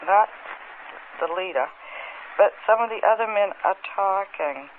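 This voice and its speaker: A woman recounting an experience under hypnosis in a halting, present-tense way, often repeating words, on an old archival tape. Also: mid-range voice, animated. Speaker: hypnosis subject. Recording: tinny old archival tape with faint hiss.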